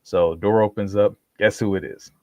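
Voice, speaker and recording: Chatting casually on his podcast, a man with a fairly low voice recounts a story at normal speed, full of laughter and animated impressions of what others said. There's no echo.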